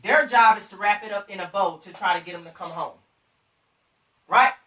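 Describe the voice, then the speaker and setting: Forceful, emphatic sales coach in an echoey room. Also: mid-range voice, normal speed, recorded from a distance. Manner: emphatic, repetitive, coaching directly to listeners. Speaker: business trainer.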